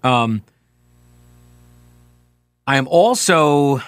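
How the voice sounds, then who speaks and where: A man's voice: mid-range voice, expressive, extremely slow, clean tone, dry recording. A male talk radio host giving a chatty, sardonic monologue from a radio studio, with lots of fillers. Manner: conversational and sardonic, with frequent fillers.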